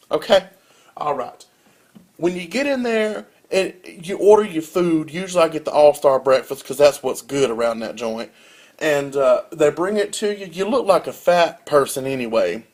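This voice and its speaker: A young man, a college student telling a comic rant as a casual vlog with big swings in pitch and loudness. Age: young adult. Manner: animated storytelling with wide swings in pitch and loudness.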